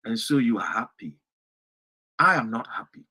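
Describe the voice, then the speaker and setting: Fiery Ghanaian man, bright husky voice. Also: animated, normal speed. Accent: Ghanaian English. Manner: fiery, rising to shouts and dropping to low emphasis. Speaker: political commentator. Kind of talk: impassioned political speech.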